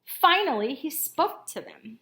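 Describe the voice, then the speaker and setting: A woman's voice: high voice, very animated, a little slow, bright, forceful tone. A woman reading a picture book aloud to children, asking them questions and having them join in. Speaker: storyteller for children.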